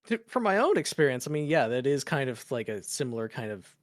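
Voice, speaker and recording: A relaxed speaker in casual conversation, recorded dry and close with no room sound. They hedge often, keeping their points loose and easygoing. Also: medium pitch, a little fast, no room sound. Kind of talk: casual chat.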